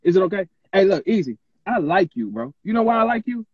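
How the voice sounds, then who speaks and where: A man's voice: high-pitched, big pitch swings, quick pace, slightly rough, dry recording, lo-fi sound. A man trash-talking on a live stream, bossy and interrupting, hammering the same words again and again. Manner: bossy, keeps cutting in with "hey, look". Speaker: battle rapper on a live stream.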